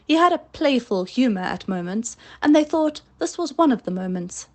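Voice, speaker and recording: A woman reading a storybook aloud in a measured narrating style. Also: a little high, lively intonation, darkish tone. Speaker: audiobook reader.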